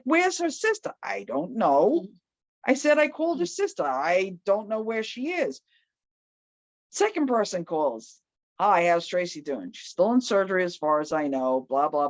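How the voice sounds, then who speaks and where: A woman telling a personal story in a casual, loud and animated way, acting out the people she quotes. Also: medium pitch, no echo. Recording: slightly muffled, dry.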